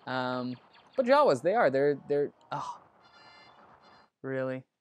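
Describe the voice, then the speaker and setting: A man's voice: mid-range voice, big pitch swings, slow, highs cut off. A man hosting a let's play, chatting casually and rambling about movies while he plays, and cursing under his breath when the game goes wrong. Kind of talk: casual gameplay commentary.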